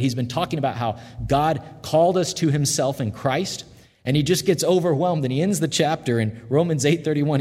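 A man preaching a sermon in an earnest, conversational way, slowing and softening when he quotes promises. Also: medium pitch, in a large hall. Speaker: pastor.

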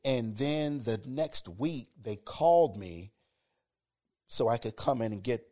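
A man in his fifties with a deep radio voice, speaking reflectively as a college educator in a relaxed interview. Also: slow pace.

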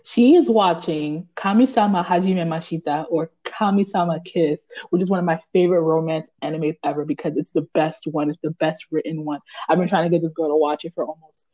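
A young woman co-hosting a podcast, chatting casually in a relaxed way. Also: low voice, a little fast, few pauses, no echo, highs cut off. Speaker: podcast co-host. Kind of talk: casual chat.

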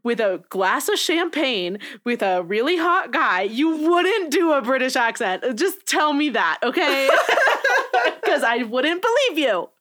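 A woman's voice: high voice, very animated, slow, a bit bright. A young woman co-hosting a podcast in casual chat, talking emphatically with frequent laughter. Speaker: podcast co-host.

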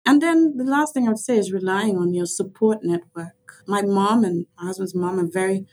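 On a low-quality recording, a Grenadian lawyer whose accent blends Caribbean and English speaks as a podcast interview guest. Her medium-pitched voice has a darkish tone, and she is reflective and emphatic, often repeating herself.

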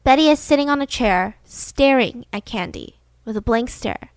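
A chatty young woman hosts a true-crime podcast, retelling the case casually and animatedly, and slipping into the scenes between asides. Her voice is a bit high-pitched, and the sound is close and dry with no room echo. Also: expressive, unhurried. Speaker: podcast host.

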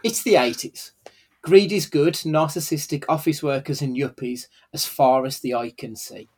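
A man co-hosting a casual film review chat, sweary and animated. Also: a little high, moderate pace, breathy edge. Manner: sweary, animated, laughing often. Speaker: podcast co-host.

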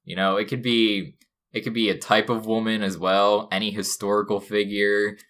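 A man's voice: on the low side, level tone, normal speed, fairly bright tone. A young man co-hosting a comedy podcast from a dorm room, talking in a mock-earnest, rambling way. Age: young adult. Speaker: podcast co-host. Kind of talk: casual comedic podcast banter.

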